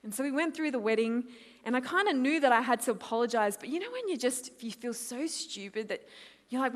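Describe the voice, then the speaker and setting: A woman in her twenties with an Australian accent, a conference speaker giving a lively testimony talk and acting out her own quotes. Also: a little high, brisk. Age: 20s. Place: large hall. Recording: long hall reverb.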